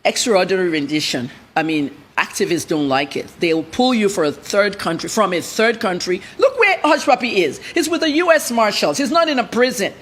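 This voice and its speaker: A woman journalist, answering TV interview questions in a blunt, rapid, emphatic way. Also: mid-range voice, very animated. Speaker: journalist guest.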